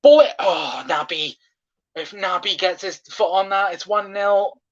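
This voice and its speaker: A man's voice: high voice, measured pace, fairly bright tone, dull audio. Ranting, swearing football fan man. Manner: passionate, swearing, ranting at referee decisions. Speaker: fan watchalong host. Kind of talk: live football watchalong commentary.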